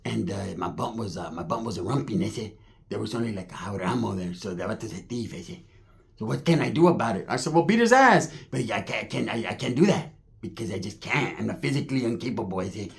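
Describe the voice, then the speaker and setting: A man's voice: on the low side, quick pace, creaky. A man with a Californian accent telling a rambling, profane street story full of slang and acted-out quotes.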